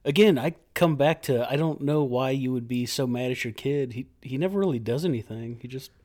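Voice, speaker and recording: A podcast co-host chats casually about a movie he's reviewing, speaking sardonically and laughing easily. His voice is medium in pitch, a little fast, and a little mellow.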